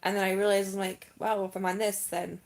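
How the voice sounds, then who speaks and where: A woman chatting on a casual live stream, her voice carrying a gravelly fry at a middle pitch. She talks in a rambling, emphatic way, full of "like" and "um". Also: flat delivery, brisk. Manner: chatty and emphatic, heavy use of "like" and "um". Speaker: vlogger.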